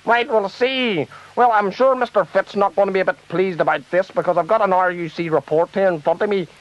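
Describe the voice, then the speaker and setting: In a comic radio sketch, a man with a high voice plays a flustered, middle-aged TV debate presenter, fussing and scolding like an officious interviewer. He talks fairly quickly with light acting, captured on dull lo-fi tape.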